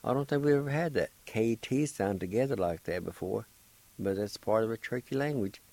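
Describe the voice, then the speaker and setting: A man's voice: lowish voice, darkish tone, no echo, rough recording. A man hosting a radio lesson, patiently spelling words out syllable by syllable and encouraging the listener. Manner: slow, patient, spells out syllables one at a time. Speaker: radio host teaching Cherokee.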